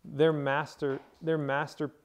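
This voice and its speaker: A man's voice: fairly high pitch, flat delivery, slow pace, a little hiss or hum. Guy teaching a small class, patient, keeps asking "right?" to check everyone follows. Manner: patient, explains step by step and checks understanding. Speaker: language teacher. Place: indoor camp teaching session.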